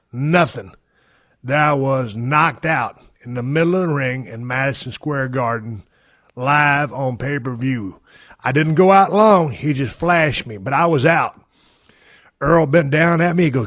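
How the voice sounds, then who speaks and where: A man telling wrestling stories in a folksy, profane, animated way. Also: medium pitch, dry recording, studio quality. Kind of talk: casual storytelling.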